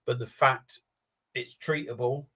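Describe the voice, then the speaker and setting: A man's voice: medium pitch, fairly even intonation, a little slow, bright, forceful tone. A man hosting a casual live beer stream, chatting in a rambling, matey way with casual swearing.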